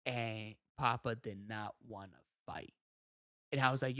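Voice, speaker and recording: A man hosting a comedy podcast, telling a story in an animated way, acting out the quotes and laughing often. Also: mid-range voice, normal speed. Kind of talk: casual storytelling chat.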